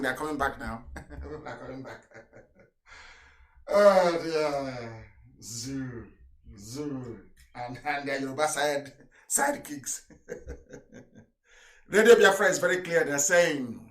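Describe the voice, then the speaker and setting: A man's voice: a little high, a bit bright, recorded from a distance. A man giving an impassioned live broadcast address, talking emphatically, repeating phrases and chuckling to himself. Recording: roomy sound, voice off the mic.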